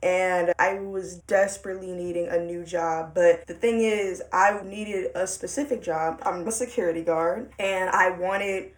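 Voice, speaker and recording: A woman's voice: fairly low pitch, fairly even intonation, unhurried, hardly any pauses. Chatty young woman podcasting solo. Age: young adult. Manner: chatty and candid, with slangy asides. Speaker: podcast host. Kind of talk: casual solo podcast monologue.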